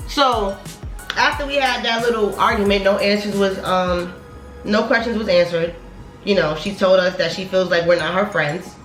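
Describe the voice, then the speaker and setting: A young woman rants through a storytime in a bright, forceful voice that keeps climbing higher as she gets heated. She swears freely and talks animatedly. The room is echoey, with faint music playing underneath. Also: normal speed. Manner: profane, animated, voice rising when heated. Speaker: vlogger telling a storytime.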